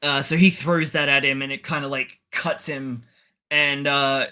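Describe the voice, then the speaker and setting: A man with a bright, forceful voice chats casually through an episode recap. He rambles, laughs often and slips into quick impressions of the characters. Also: mid-range voice, steady tone, clean tone. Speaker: podcast co-host.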